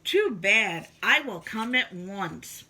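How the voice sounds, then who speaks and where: A woman reading as a brisk storybook policeman. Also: mid-range voice, lively intonation, sharp tone, heavily acted. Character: busy, surprised policeman.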